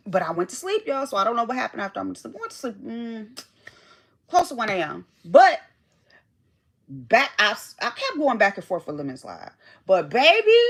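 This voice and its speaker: A woman talking on her own livestream in a high, bright voice. She rambles casually and swears often, calling out viewers by name and losing her thread now and then. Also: huge pitch swings, normal speed. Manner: chatty, rambling, reads chat aloud, swears freely. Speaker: livestream host.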